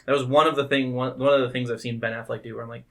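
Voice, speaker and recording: A man co-hosting a casual movie podcast, swearing often and animated, jumping into voices when he quotes scenes. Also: medium pitch, racing. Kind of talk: casual chat.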